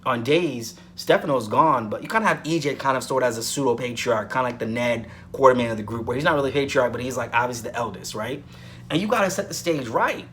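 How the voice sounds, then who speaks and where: Male vlogger at a mid pitch, reviewing soaps casually; rambles, hedges with "um", and hammers points home by repeating them. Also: fast talker, a bit bright, a little hiss or hum. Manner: rambling, emphatic repetition, frequent "um". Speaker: soap opera reviewer. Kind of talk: casual weekly review commentary.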